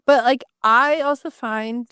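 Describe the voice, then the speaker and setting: Woman, higher smooth voice, dry close mic; lively, filler-heavy podcast co-host. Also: measured pace, dry recording. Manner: animated, filler-heavy, jumps in with examples. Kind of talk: casual chat.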